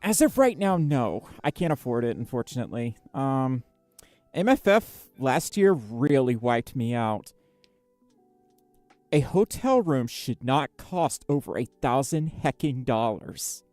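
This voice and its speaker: A woman's voice: a bass voice, big pitch swings, measured pace, a little mellow, no echo, faint music behind. A woman chatting casually on a livestream, bubbly and giggly, reading chat messages aloud with lots of fillers. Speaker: streamer.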